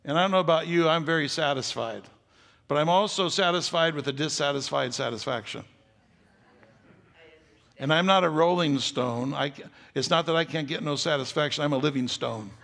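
An older man preaching a sermon as pastor, folksy and joking, building to loud emphatic stretches. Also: a little high, normal speed, creaky. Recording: long hall reverb.

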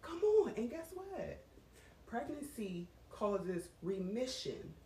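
A woman talking in a candid, casual chat, animated and frank, with plenty of profanity. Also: fairly high pitch, slow, a little hiss or hum. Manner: animated, frank and profane, swings between laughter and strain. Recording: roomy sound from a distant mic.

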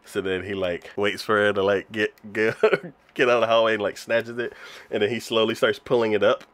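A man's voice: lowish voice, fairly even intonation, fairly quick, a bit bright. A man casually recapping a show's scenes, with many fillers and frequent laughter. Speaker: podcast co-host reviewing anime. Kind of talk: casual chat.

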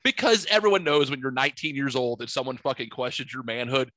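A man in his forties tells stories on a podcast with a bright, forceful voice. He swears freely and acts out everyone he quotes. The sound is dry and close. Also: medium pitch, fast talker, no room sound. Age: 40s. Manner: profane, animated storyteller acting out quotes. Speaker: podcast co-host. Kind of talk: casual storytelling chat.

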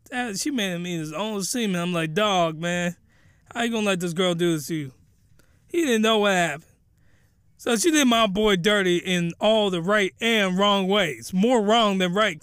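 High, bright-voiced man ranting in slang. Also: clean tone, no room sound, studio quality. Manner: animated, slangy, breaks into excited shouts. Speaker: podcast host. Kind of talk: comedic recap of a cartoon episode.

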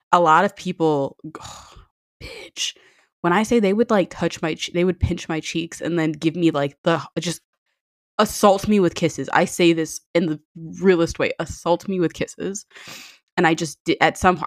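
A woman's voice: on the low side, no echo, clean studio sound. A young woman co-hosting a casual podcast chat, telling blunt, profane stories and acting out what people said. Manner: blunt, profane storytelling with acted-out quotes.

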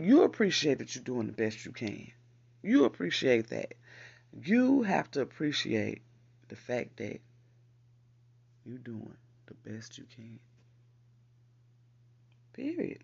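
Host voice: a man with a husky, gravelly tone, leading affirmations, lo-fi recording. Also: a little high. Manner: repeats lines slowly for emphasis, encouraging. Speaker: podcast host. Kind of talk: spoken affirmations.

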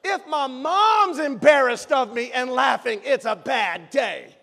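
A male pastor telling a personal story in a sermon, animated and emphatic, sometimes bursting into a shout. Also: very high-pitched, a little slow, creaky. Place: church sanctuary. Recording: long reverb of a large hall.

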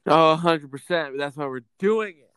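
A man's voice: fairly high pitch, moderate pace, fairly bright tone, smooth, no echo. A young man co-hosting a podcast, chatting casually and crudely, joking and laughing often. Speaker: podcast co-host. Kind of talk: casual chat.

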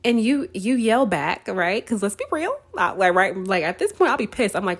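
Lively storytelling woman, faith podcast. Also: medium pitch, moderate pace, few pauses, slightly rough. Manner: conversational, storytelling, laughs often, says "right?" a lot. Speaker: podcast host. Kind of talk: casual faith talk.

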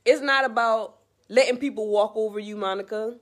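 A woman's voice: a little high, fairly even intonation, normal speed. A woman in a casual, heartfelt monologue giving life advice straight to the listener, earnest and repetitive.

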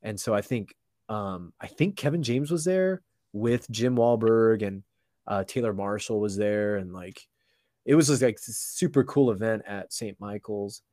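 A man's voice: on the low side, a little slow, mellow, no room sound, clean studio sound. A young man, a podcast guest, telling a story in a casual, slangy way, full of "like" and restarts.

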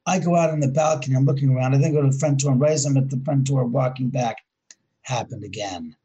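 A man's voice: medium pitch, slightly rough, low-quality recording. A man, a guest in a casual interview, telling rambling ghost stories about his house and correcting himself as he goes. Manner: rambling, self-correcting, animated when retelling. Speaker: guest, haunted house owner.

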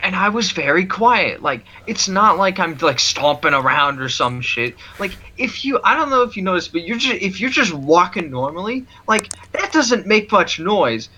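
Bright-voiced young man ranting. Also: sits high, sing-song, normal speed, hardly any pauses, a little hiss or hum. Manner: rambling, swearing, ranting. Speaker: podcast co-host. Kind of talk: casual late-night chat.

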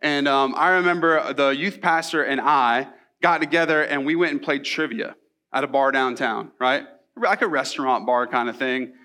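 Speaking at a moderate pace with a sharp tone and medium pitch, this young pastor delivers his sermon like a story. He keeps it casual, tossing in asides and rhetorical questions.

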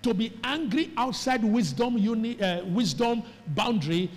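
Nigerian male pastor, high voice, preaching call-and-response, reverberant hall. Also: animated, moderate pace. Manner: preaching with call and response, rising to shouts, mimicking Pidgin speech. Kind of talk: sermon. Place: church hall with congregation.

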